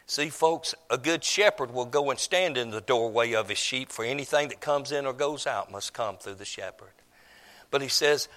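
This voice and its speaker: A man's voice: medium pitch, moderate pace, fairly bright tone. A man preaching a storytelling sermon in a folksy, musing, chatty way.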